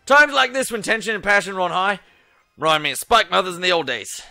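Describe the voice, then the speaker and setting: A man voicing a brooding young male punk rock singer in a game, with a deliberately bad put-on British accent. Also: sits high, very animated, pushed and bright, no room sound, faint music behind, full character voice. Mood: gruff. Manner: wistful, with a put-on British accent done badly.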